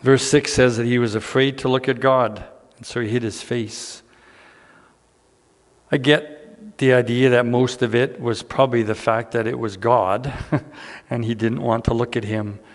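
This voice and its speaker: Slow preaching guy, gravelly voice, church hall echo, earnest. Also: medium pitch, fairly even intonation. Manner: slow, earnest preaching with dramatic pauses and repeated lines. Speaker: pastor. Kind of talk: sermon. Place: church sanctuary.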